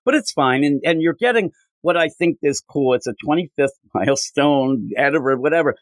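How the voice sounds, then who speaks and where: A man's voice: fairly high pitch, dry recording, low-quality recording. A man co-hosting a podcast, reviewing comics in casual chat and acting out characters' lines. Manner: animated, acts out characters' lines in quick voices. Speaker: podcast co-host.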